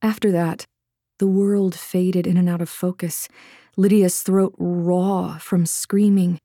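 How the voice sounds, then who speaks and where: A woman reading a fantasy novel aloud in a measured, dramatic narration style. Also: on the low side, level tone, warm tone, dry recording, studio quality. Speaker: audiobook narrator.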